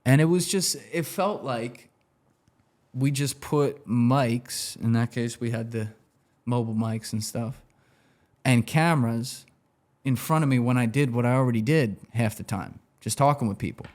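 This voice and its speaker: A man's voice: mid-range voice, a little slow, darkish tone. A man telling stories as a podcast guest, in a loose, profane, laughing way. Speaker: guest, former banker turned interviewer. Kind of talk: casual storytelling on a podcast.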